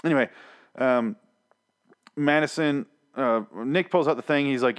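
A man's voice: medium pitch, a little slow, long pauses, smooth. A man recapping a TV episode in a casual, profane, exasperated rant, mocking the characters in put-on voices. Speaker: TV episode reviewer.

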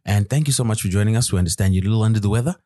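A man's voice: on the low side, very fast, dark tone, dry recording, clean studio sound. A man co-hosting a podcast in casual chat, teasing his co-host and stammering at starts.

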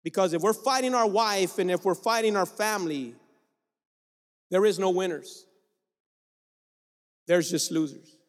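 A man's voice: high-pitched, measured pace, pauses often. A male guest preacher delivering an exhorting sermon, calling out to the congregation in a church sanctuary. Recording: long reverb of a large room.

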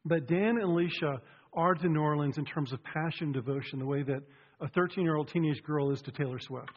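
A man speaking as a pastor, cheerful and joking, telling stories in an animated way. His slightly high voice rings through a big sanctuary with a long reverb. The sound is a bit dull and muffled. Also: brisk. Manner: chatty, joking, animated storytelling. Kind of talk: casual sermon opening. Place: church sanctuary.

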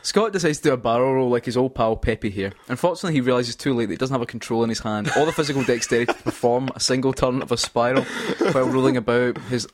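A man reading a comic fan story aloud to a co-host, often breaking into laughter. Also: medium pitch. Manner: reads narration briskly, breaking into laughter.

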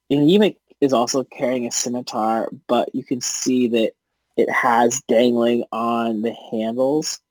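A man's voice: mid-range voice, no echo. Casual man running a tabletop game. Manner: casual, filler-heavy, halting narration. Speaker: game master.

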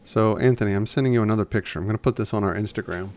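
A man with a low, gravelly voice talks through a casual podcast chat. He rambles along, restarts his sentences and circles back to his points. It sounds like a relaxed co-host just talking. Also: rapid-fire. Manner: chatty, rambling, self-correcting.

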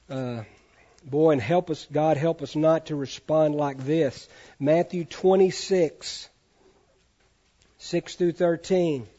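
A man's voice: on the high side, dark tone, dull audio. A man preaching a sermon in a conversational way, often asking the congregation questions. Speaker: pastor.

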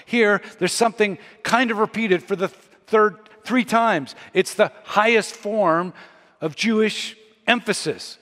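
A man's voice: high voice, measured pace, fairly bright tone. A man preaching a sermon as pastor, teaching closely from scripture and building to emphatic peaks. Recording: long hall reverb.

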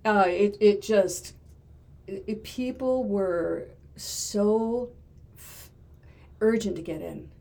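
Older woman, retired therapist, interview guest, thoughtful, halting speech, repeats words, middle pitch. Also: vocal fry, dark tone. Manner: thoughtful, halting, often repeats words as she searches for them. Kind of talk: casual interview conversation.

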